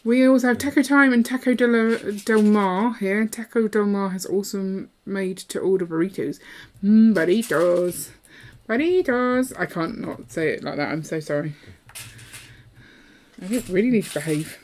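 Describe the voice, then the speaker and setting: Her voice is mid-range and steady, at a normal speed. As co-host of a live building stream, she keeps up a playful, chatty patter, jumping from topic to topic and reading out messages from viewers as she builds.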